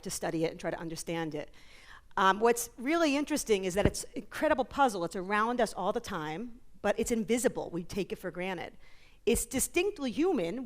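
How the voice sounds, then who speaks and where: A woman talks on a conference stage at a middle pitch. She tells stories in an animated way and drops in quick jokes and asides. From New York, USA. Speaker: author and psychologist guest. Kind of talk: conference interview talk.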